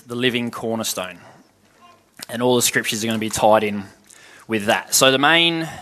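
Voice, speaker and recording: A man at an ordinary middle pitch teaches from the Bible in a relaxed, chatty way. He reads scripture passages aloud, then unpacks them plainly and puts questions to his listeners.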